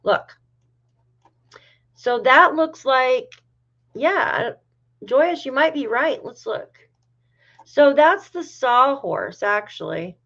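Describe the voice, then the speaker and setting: A woman's voice: high voice, animated, very slow, vocal fry, pauses often, fairly bright tone, muffled recording. A middle-aged woman from New York hosting a casual livestream, chatting with viewers and reading their comments aloud. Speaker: livestream host.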